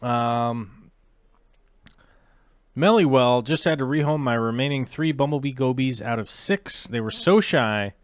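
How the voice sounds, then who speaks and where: A man's voice: mid-range voice, a little slow, clean tone, no room sound, clean studio sound. A man hosting a casual aquarium livestream, chatting loosely with many fillers and restarts.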